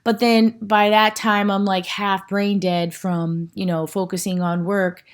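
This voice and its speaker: A woman's voice: medium pitch, little pitch movement, a little slow. A young woman giving a casual video update, a little out of breath, chatty and full of fillers. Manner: chatty, with many fillers and restarts. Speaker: vlogger, working mother in law school.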